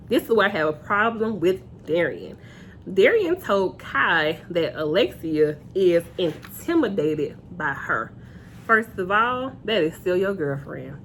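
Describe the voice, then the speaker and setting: A woman's voice: mid-range voice, slight background noise. A young woman giving a casual, opinionated reality TV recap straight to her viewers on a phone camera. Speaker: reality TV reviewer.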